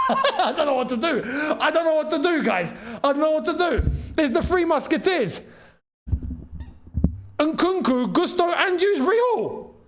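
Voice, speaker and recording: A young man hosting a live football watchalong, reacting to the match, shouting at big chances, groaning at misses and thanking viewers in the chat. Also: very high-pitched, wildly swooping pitch, measured pace, pauses often, slight background noise. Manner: chatty, reads out and thanks chat members.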